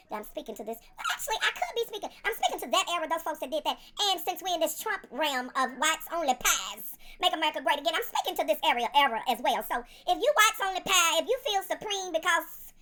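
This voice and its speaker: A woman giving a casual review in a profane, sassy, animated storytelling manner. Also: sits high. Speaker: video reviewer.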